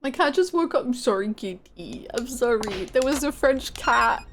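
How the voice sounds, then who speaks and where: A woman's voice: fairly high pitch, lively intonation, normal speed. A woman streaming a video game live, reacting playfully and laughing often as she comments. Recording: clear game music behind voice.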